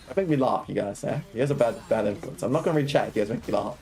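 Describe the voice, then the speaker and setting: Over soft background music, a young man with a fairly low, darkish voice streams a video game and coaches as he goes. His commentary is quick and explanatory, punctuated by "right?" and "okay?", with laughter and banter directed at chat.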